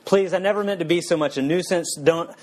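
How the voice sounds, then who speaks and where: A man's voice: fairly high pitch, quick pace, darkish tone, voice pushed up, lightly acted. A man voicing a fretful male ghost who pleads and makes nervous excuses to keep his pet. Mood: pleading.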